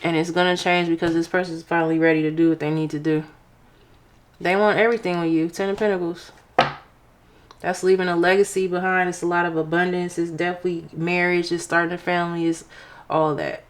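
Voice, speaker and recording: A young woman giving a casual tarot reading to her viewers, expressive and excitable, talking through tears at times. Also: on the low side, a little fast. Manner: expressive, excitable, exclaims often. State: emotional, near tears. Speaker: tarot reader.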